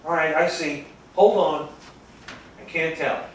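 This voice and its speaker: A man's voice: on the high side, fairly even intonation, slow pace, a bit bright, a little hiss or hum. An actor playing a flustered man fielding phone calls at a dinner party, exasperated and trying to keep order in a live stage comedy. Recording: echoey stage sound from a distant mic. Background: audience laughter.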